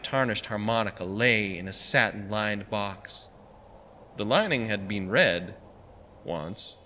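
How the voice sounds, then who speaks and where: A man's voice: on the low side, sharp tone, a little hiss or hum. Man reading a wry story aloud. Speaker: narrator. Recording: long reverb with faint music.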